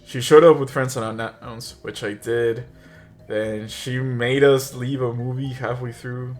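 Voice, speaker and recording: A man's voice: medium pitch, steady tone, measured pace, a little mellow, faint music behind. Rambling young man telling a storytime. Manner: rambling, filler-heavy, chuckles at own story. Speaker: vlogger. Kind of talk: casual storytime monologue.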